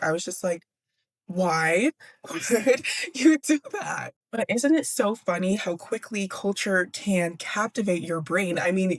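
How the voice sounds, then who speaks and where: Woman, book vlogger, low voice, dry close sound, casual sarcastic slang. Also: no room sound. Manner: slangy, sarcastic, laughs often.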